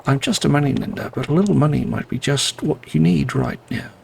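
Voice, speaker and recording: A man voicing a calm, dry-humored moneylender in a gravelly voice. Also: medium pitch, fairly quick, a little hiss or hum. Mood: wry.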